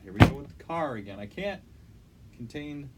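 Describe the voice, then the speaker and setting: A man's voice: medium pitch, expressive, normal speed, a little hiss or hum, poor audio. A young man co-hosting a podcast, telling a rambling story in casual chat, correcting himself and swearing now and then. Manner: rambling, self-correcting, swears when retelling anger. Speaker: podcast co-host.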